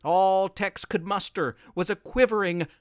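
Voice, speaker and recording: A man narrating a story in an expressive, unhurried reading. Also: high-pitched, no echo, studio quality.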